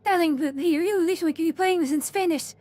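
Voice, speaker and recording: A woman's voice: very high voice, fast, dark tone. A woman co-hosting a game stream in casual chat, teasing and calling her partner darling. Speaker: streamer co-host.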